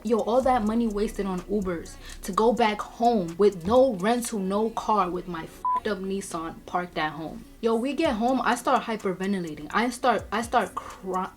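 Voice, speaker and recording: Animated young woman vlogger. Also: medium pitch, normal speed, faint music behind. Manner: animated, swearing, acts out her own reactions. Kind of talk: casual storytelling vlog.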